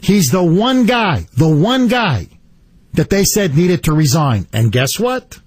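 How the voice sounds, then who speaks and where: A man's voice: high-pitched, sing-song, slow pace, breathy edge. A man hosting a political talk radio show, delivering an indignant, emphatic monologue full of repetition.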